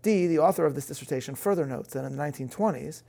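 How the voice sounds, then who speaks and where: Man giving a talk to an audience, slightly high voice, lots of gravel, earnest and emphatic. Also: very fast, mellow. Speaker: speaker giving a talk on faith.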